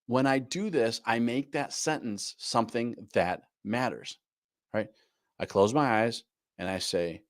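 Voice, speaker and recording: Man, lower voice, business coach, live online class, emphatic, repeats himself, dry sound. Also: animated, moderate pace, pauses often, no echo. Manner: emphatic, repeats key points, fillers like "right?".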